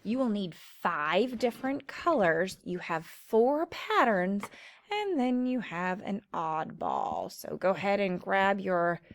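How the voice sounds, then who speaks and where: A woman teacher giving a slow, clear phonics lesson to children, stretching out the sounds of words. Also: mid-range voice, animated.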